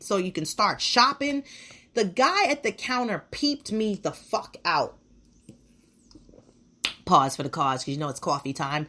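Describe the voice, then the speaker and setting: A woman's voice: on the high side, sharp tone. A woman hosting a podcast in a casual monologue, ranting bluntly and swearing freely. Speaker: podcast host.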